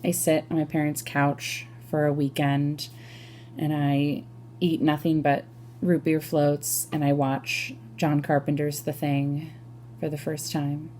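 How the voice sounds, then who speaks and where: A woman performing a confessional comic story in a chatty way, full of "like" and quick self-corrections. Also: sits low, flat delivery, warm tone, a little hiss or hum. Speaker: solo performer.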